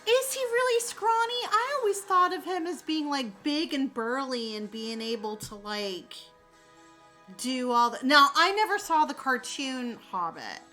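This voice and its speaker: A woman in a casual live-stream chat, talking straight to her viewers in an animated way and swearing freely. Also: high voice, a little slow, soft background music.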